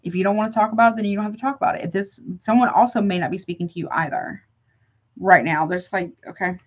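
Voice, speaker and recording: A woman's voice: medium pitch, quick pace, lo-fi sound. Chatty woman tarot reader calling viewers honey. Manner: affectionate, calls viewers honey, chatty asides. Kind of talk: live tarot reading to chat.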